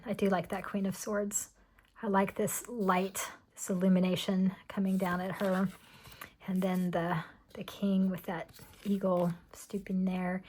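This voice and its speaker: A woman casually showing tarot decks, chatty and rambling with many ums and restarts, often dropping to a soft murmur. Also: medium pitch, a little hiss or hum. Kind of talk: casual show-and-tell.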